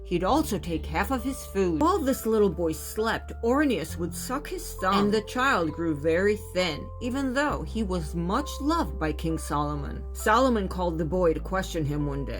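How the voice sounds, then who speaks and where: A woman retelling an ancient legend in a casual, animated way with modern asides. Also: mid-range voice, normal speed, faint music behind. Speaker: storyteller.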